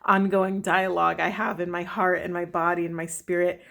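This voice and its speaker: A woman's voice: lowish voice, level tone, moderate pace, gravelly, a bit bright. A woman giving a spiritual tarot reading, talking earnestly and loosely, with many fillers and "right?" tags. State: emotional, near tears. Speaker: tarot reader.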